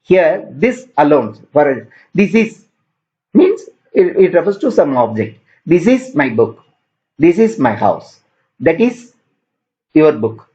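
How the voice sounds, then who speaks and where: A man teaching an English grammar lesson, explaining slowly and repeating terms with examples. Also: fairly high pitch, big pitch swings, warm tone, highs cut off.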